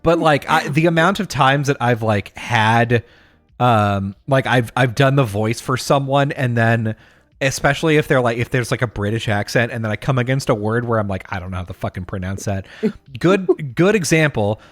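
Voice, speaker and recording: A man's voice: medium pitch, moderate pace, a bit bright. A man co-hosting a podcast, chatting casually in a rambling, self-deprecating way. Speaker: podcast co-host. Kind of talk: casual chat.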